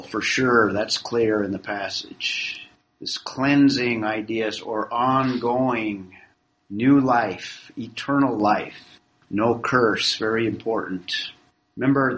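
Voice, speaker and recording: Man, Bible teacher, classroom lecture, measured and explanatory, middle pitch. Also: a bit bright, slight background noise, poor audio. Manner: measured, explanatory, reads scripture aloud.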